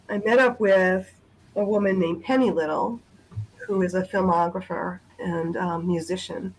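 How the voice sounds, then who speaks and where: A woman speaking as a guest on a video call, sharing a personal account in a halting way with many pauses and restarts. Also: fairly low pitch, rough recording. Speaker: guest sharing a family memory.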